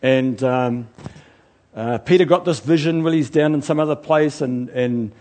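A man preaching a sermon in an animated way, swinging from loud outbursts to quiet asides, chatty and joking at his own expense. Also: medium pitch, normal speed. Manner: chatty, self-mocking and joking.

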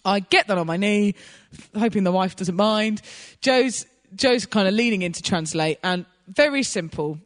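A woman preaching a sermon, telling a personal story in an animated way and laughing as she goes. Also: mid-range voice, moderate pace, long reverb tail.

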